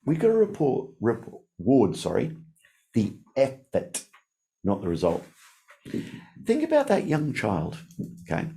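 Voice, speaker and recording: A man giving a live sales training talk, acting out the voices of the people he quotes. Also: mid-range voice. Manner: animated, acts out quoted voices.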